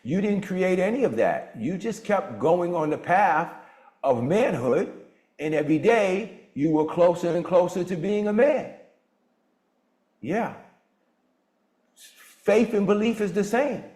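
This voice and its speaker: A man in his sixties hosting a motivational group on a video call, talking with a lively preacher-like cadence. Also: slow pace, pauses often, reverberant. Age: 60s. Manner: animated preacher-like cadence, swoops in pitch. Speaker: mastermind group host.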